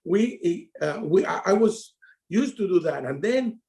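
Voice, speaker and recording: Gravelly man with a Latino accent. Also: sits high, unhurried. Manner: animated storytelling with broken English. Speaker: insurance advisor. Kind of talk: casual call talk.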